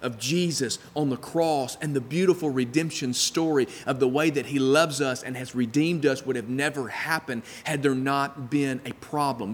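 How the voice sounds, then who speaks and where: A man's voice: medium pitch, slight background noise. Preaching man in a reverberant hall. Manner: dramatic, acting out voices of doubt. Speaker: pastor. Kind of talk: sermon.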